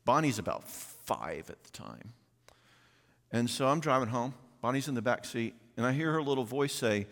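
A man's voice: medium pitch, normal speed. Middle-aged guy giving a conference talk, voice jumps around a lot, big echoey hall. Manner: animated and folksy, acts out quoted voices. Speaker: conference speaker. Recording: long reverb of a large hall.

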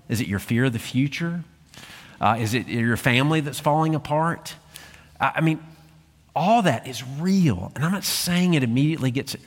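A man preaching a sermon in a church, in a conversational and emphatic manner, with many rhetorical questions. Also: medium pitch. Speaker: pastor. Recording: long reverb of a church hall.

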